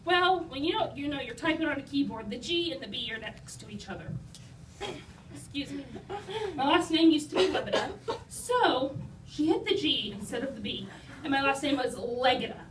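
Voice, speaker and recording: High-voiced young woman, self-deprecating storyteller. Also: expressive, moderate pace. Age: young adult. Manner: self-deprecating, chatty, lots of "like" and "you know". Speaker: speaker telling life stories to an audience. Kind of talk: humorous personal storytelling. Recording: roomy, distant mic, noisy.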